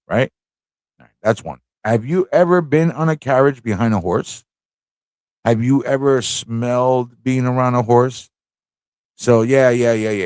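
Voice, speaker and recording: A man's voice: mid-range voice, darkish tone, no echo. A man from New hosting a live online show, telling rambling, laughing stories with plenty of swearing. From New York City. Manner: rambling, laughing, profane storytelling. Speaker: show host. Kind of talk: casual live-stream chat.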